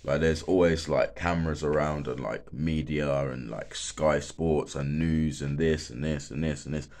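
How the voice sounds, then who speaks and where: Rumbling low and a little mellow, this young man talks a little slowly with fairly even intonation, a bit stoned and rambling. The ex-football-stadium security worker swears constantly and stuffs each sentence with fillers like "like, literally" and "mate."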